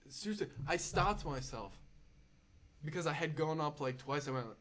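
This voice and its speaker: A man's voice: a little high, normal speed, a bit bright. A young man on a podcast, telling a story in casual chat, with lots of fillers and "dude", building up as he goes. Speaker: podcast guest.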